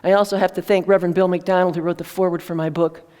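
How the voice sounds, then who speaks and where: A woman's voice: fairly low pitch, flat delivery, fast talker, darkish tone. A woman author telling a heartfelt story to an audience in an earnest, conversational way, with fillers and restarts. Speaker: author presenting her book.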